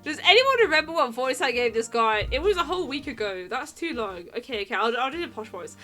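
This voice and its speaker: Bright, excitable woman streamer. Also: high voice, fast, few pauses, soft background music. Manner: giggly, excitable. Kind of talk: casual live-stream commentary.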